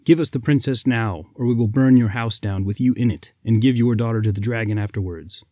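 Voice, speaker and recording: A man's voice: mid-range voice, fairly quick, warm tone, no room sound, clean studio sound, close to an everyday voice. A man voicing an angry townsman who bitterly rebukes his king. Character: angry townsman speaking for the crowd.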